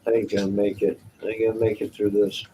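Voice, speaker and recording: A fairly low, warm male voice delivers lines quickly yet flatly, with slight background noise on a low-quality recording. Hosting a casual stream, he reads chat messages and jokes, exclaims and laughs often.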